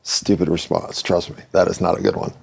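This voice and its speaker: Low, mellow-voiced American man musing. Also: little pitch movement, fairly quick, gravelly, breathy edge. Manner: earnest, musing, with playful asides. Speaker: video series host. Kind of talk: reflective monologue to camera.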